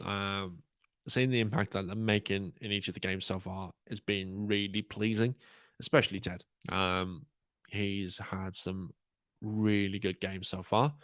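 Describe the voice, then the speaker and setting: A man hosting a fan podcast, chatting in a relaxed, rambling way with lots of ums. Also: deep voice, no room sound. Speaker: podcast host. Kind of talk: casual podcast chat.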